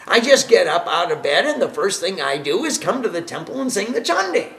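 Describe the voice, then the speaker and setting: A man teaching a devotional class as a spiritual teacher, animated and emphatic, laughing as he tells stories. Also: high-pitched, a little fast, gravelly. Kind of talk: devotional class lecture with storytelling.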